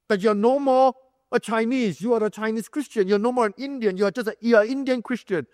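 A man's voice: sits high, dry recording, clean studio sound, in a large hall. A male pastor preaching a sermon, emphatic, repeating key phrases and quizzing the room like a teacher. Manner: explains like a teacher, asks the room questions.

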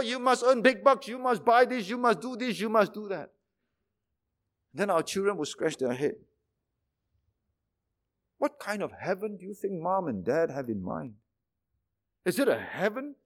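A man preaching a sermon emphatically, with repeated phrases and rhetorical questions. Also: high-pitched.

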